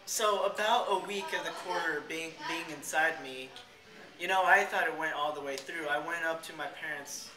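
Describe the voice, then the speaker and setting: Man, rambling jokey storyteller, casual, swears freely, fairly high voice, echoey hallway. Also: normal speed. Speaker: vlogger telling a childhood story. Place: school hallway outside a band room.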